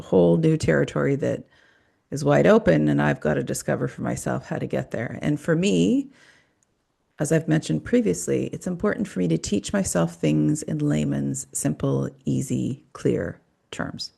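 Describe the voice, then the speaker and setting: A woman's voice: low voice, normal speed, creaky, warm tone, slightly rough. A woman hosting a podcast in a casual, rambling monologue, swearing and cutting herself off often. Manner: profane, rambling, self-interrupting. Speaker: podcast host.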